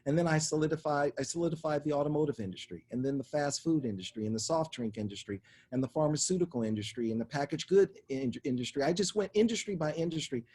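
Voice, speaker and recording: A middle-aged man, a guest in a conversation interview, telling a long personal story with animated energy and acting out the people in it. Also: on the high side, fast, hardly any pauses, husky. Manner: animated anecdotal storytelling, acts out voices in quotes. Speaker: interview guest, media executive.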